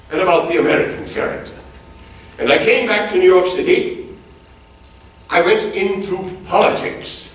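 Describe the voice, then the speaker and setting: A man's voice: medium pitch, natural voice. A man playing a hearty, bookish old-time president. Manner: animated, quizzes the audience with lively questions; formal, old-fashioned turns of phrase. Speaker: historical reenactor on stage. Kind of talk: live one-man stage portrayal. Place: large auditorium stage before a live audience. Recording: very echoey hall, mic far off.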